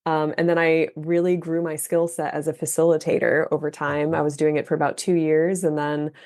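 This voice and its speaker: A woman's voice: low voice, level tone, a little fast, darkish tone. A woman guest on an interview podcast, a dance facilitator and coach, talking earnestly and reflectively with loose fillers. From Florida. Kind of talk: conversational interview. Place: West Palm Beach.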